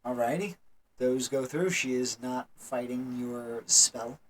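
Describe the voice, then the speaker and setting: Man game master, calm narration, slightly husky. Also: mid-range voice, takes it slowly, low-quality recording.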